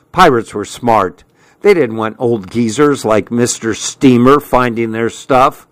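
A man narrates a story in an unhurried, measured way. His voice sits at a middle pitch, and the recording is dry and close. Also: a bit bright, dry recording. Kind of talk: audiobook narration.

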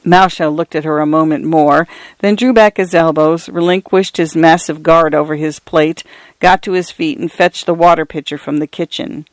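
A man narrating first-person literary fiction in a measured, even storytelling voice. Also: fairly high pitch, no echo. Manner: measured, evenly paced storytelling.

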